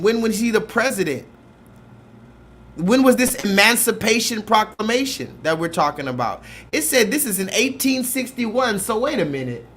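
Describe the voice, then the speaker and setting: Guy with a high voice ranting to his stream chat, swears a lot, keeps asking questions. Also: bright, forceful tone. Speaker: streamer host. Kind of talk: casual livestream commentary.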